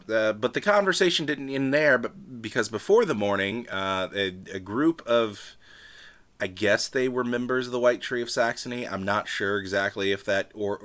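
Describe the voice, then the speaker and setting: A man's voice: lowish voice, a bit bright. A man casually recapping a tabletop vampire campaign, rambling with many fillers and frequent swearing. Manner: rambling, profane, filler-heavy. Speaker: tabletop game player recapping.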